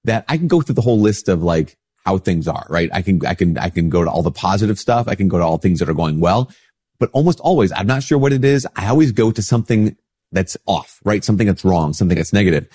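A middle-aged priest hosting a casual spiritual talk, stuffy-nosed from a cold, chatting easily and acting out little dialogues. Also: male voice, expressive, quick pace, dark tone, slightly rough. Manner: conversational, acts out little dialogues with rising pitch. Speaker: priest and show host.

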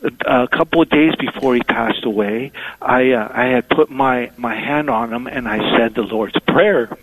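A man calling in to a radio show, speaking haltingly with many fillers and pauses. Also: mid-range voice, sing-song, a bit bright, a little hiss or hum, poor audio. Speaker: caller. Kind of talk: call-in radio chat.

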